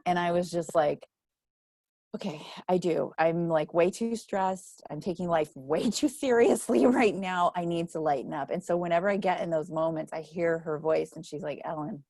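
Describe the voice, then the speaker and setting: Woman, middle-aged, low-pitched, dry close sound, casual book club chat, laughs a lot. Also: normal speed, dark tone, no echo. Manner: chatty, laughs often, acts out quoted voices.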